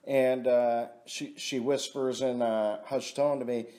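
A man's voice: mid-range voice, fairly even intonation, slow pace, hardly any pauses, dark tone. A middle-aged man telling a rambling personal story in a casual vlog, swearing often and calling himself "your buddy". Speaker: vlogger.

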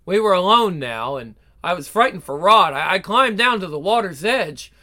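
A man's voice: sits high, animated, moderate pace, pushed and bright, exaggerated voice. A man voicing a headstrong young woman narrator. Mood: wistful. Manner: dramatic, melodramatic storytelling. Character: headstrong young woman telling her own story.

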